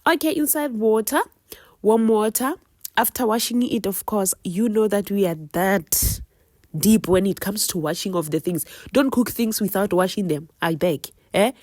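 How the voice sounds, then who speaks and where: A woman's voice: medium pitch, normal speed, darkish tone, no echo, clean studio sound. A woman with a South African accent chatting casually through a home cooking vlog, teasing viewers with playful life advice. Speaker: cooking vlogger.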